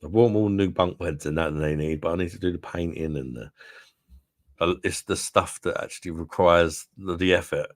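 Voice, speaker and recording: Deep-voiced chatty man. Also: normal speed, no echo, studio quality. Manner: chatty, rambling, laughs often. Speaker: beer review channel host. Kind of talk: casual live-stream chat with viewers.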